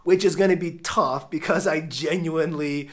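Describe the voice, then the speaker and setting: A man's voice: a little high, fairly even intonation, normal speed, fairly bright tone. A man hosting a casual vlog, talking straight to his viewers in a friendly, informal way, with a nasal, congested voice from a cold. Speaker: vlog host.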